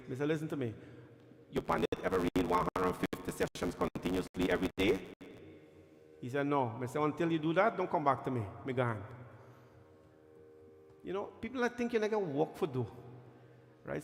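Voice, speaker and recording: A man's voice: on the high side, creaky. A man, a temple pandit giving a sermon and chanting Sanskrit verses with growing fervor. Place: temple hall. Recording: echoey temple hall with music.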